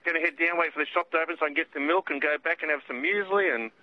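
A man's voice: on the high side, racing. An older Australian man calling in to a radio show, chatty and upbeat, saying mate a lot. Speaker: caller. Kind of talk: casual phone-in chat. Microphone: public phone box. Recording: lo-fi phone line.

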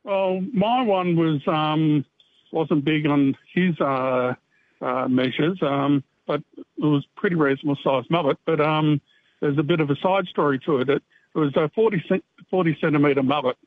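A man calling in to tell a story, unhurried and full of fillers. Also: fairly high pitch, no room sound. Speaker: caller. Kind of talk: storytelling on a call-in. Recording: tinny phone line.

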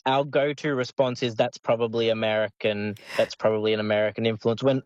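A man's voice: lowish voice, steady tone, fairly quick, no room sound, muffled recording. A man with a PhD, interviewed on radio, explaining things with many hesitations. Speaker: language researcher guest.

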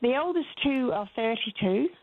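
A woman's voice: fairly high pitch, lively intonation, moderate pace, no echo. An older woman calling in to a radio show, telling a rambling, chatty story. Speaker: caller. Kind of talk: phone-in chat. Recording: tinny phone line, dry.

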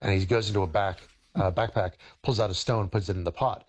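Low-voiced man, halting and full of fillers. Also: breathy edge. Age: middle-aged. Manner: halting, many fillers and restarts, storytelling. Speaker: historian and chef, radio guest. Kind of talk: casual radio interview, explaining cooking.

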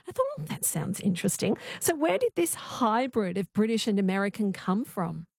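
A woman's voice: medium pitch, big pitch swings, normal speed, gravelly, darkish tone, husky, dry recording, clean studio sound. A woman hosting a radio talk show, introducing topics and asking curious, conversational questions. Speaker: radio host.

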